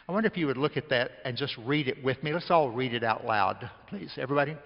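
Preacher in a reverberant church. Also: male voice, fairly high pitch, expressive, dull audio. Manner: slows down to read scripture aloud, leads the congregation. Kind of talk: sermon. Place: church service.

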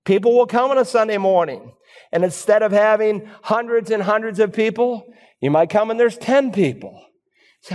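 A man's voice: sits high, normal speed, a little mellow. A male pastor preaching a sermon, driving points home with rhetorical questions and emphatic repetition. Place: church sanctuary. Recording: reverberant church hall.

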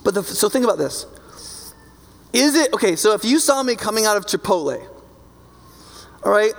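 Speaking in a large hall, a high-pitched man with vocal fry preaches in an emphatic, conversational way. He keeps asking his listeners "right?" to check in with them.

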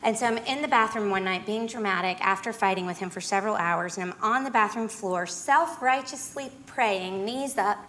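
A woman giving a personal testimony as a guest speaker, telling her story in a dramatic, animated way. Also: mid-range voice, moderate pace, few pauses.

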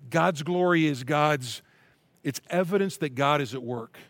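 A man's voice: fairly high pitch, a little slow, fairly bright tone, no echo. A middle-aged male pastor preaching a sermon, reading scripture aloud with earnest emphasis.

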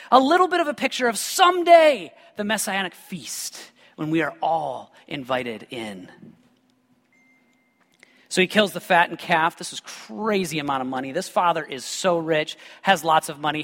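A man's voice: high voice, fairly bright tone, big-room sound. A man preaching a sermon to a congregation, mixing scripture with funny personal stories and joking asides to the listeners. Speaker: pastor.

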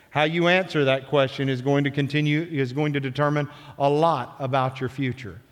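A man's voice: a little high, fairly even intonation, a little fast, few pauses. A male pastor preaching a sermon in a church, earnest and building on repeated phrases. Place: church sanctuary. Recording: long church reverb.

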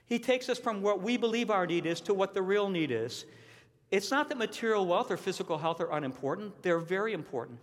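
Male pastor, emphatic sermon delivery, slightly high voice, recorded in a reverberant hall. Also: animated, brisk. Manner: earnest, emphatic, repeats key points. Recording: long reverb of a large hall.

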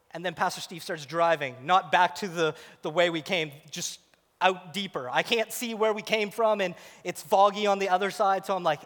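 A man giving a sermon, telling an animated, self-mocking story about himself. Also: sits high, normal speed. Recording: long hall reverb.

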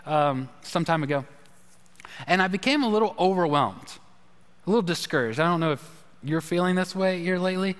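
With a clean tone and a fairly quick delivery, a notably high-voiced pastor preaches casually, weaving stories and asides. The sound rings with a long reverb, like a large church sanctuary.

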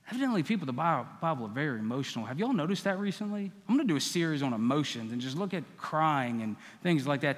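A man's voice: on the high side, very animated, quick pace, few pauses, big-room sound. A man preaching a sermon as pastor, conversational and teasing the congregation by name.

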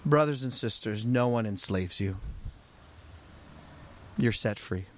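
A male pastor preaching a sermon in an animated, conversational storytelling way. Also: on the low side, slow, a little hiss or hum.

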